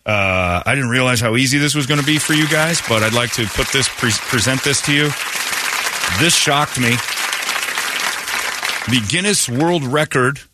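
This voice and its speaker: A man's voice: medium pitch, moderate pace, pauses often, over a noisy crowd, heavy background noise. A man hosting a morning radio show in loose, joking, rambling banter.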